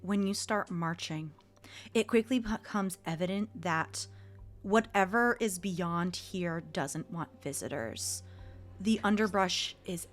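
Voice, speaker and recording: A woman running a tabletop role-play game, describing scenes in a slow, measured way. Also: lowish voice, soft background music. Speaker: game master.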